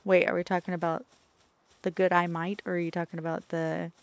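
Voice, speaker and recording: A woman's voice: lowish voice, flat delivery, brisk. A woman streaming as a VTuber, chatting casually and playfully with her viewers in a teasing, talkative way.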